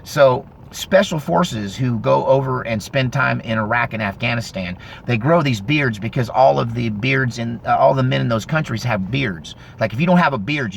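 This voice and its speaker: A man in his fifties telling a story casually, in a rambling, animated way with frequent self-corrections. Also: mid-range voice, gravelly, slight background noise. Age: 50s. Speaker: vlogger.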